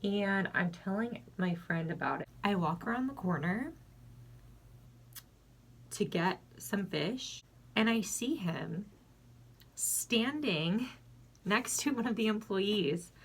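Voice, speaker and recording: A woman's voice: medium pitch, animated, takes it slowly, pauses often, breathy edge. A young woman telling a frank, casual storytime vlog, talking bluntly and filling her sentences with "like". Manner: chatty, filler-heavy with constant "like". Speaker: vlogger. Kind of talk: casual get-ready-with-me storytime.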